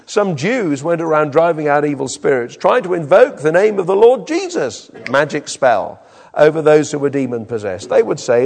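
A British man preaching a sermon with an animated, emphatic delivery in a church hall. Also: on the high side, normal speed, gravelly. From Britain. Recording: long reverb in a hall.

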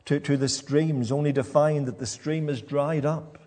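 Male preacher giving a sermon, stop-start delivery with repeated words, mellow tone. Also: fairly high pitch, fairly even intonation, in a large hall. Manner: halting, repeats words as he goes. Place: church.

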